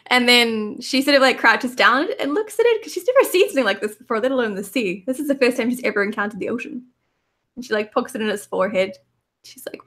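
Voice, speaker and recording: A woman's voice: on the high side, expressive, fast talker, a bit bright. A woman narrating her character's scenes in a tabletop role-playing game, casual and rambling. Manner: casual, rambling, many fillers.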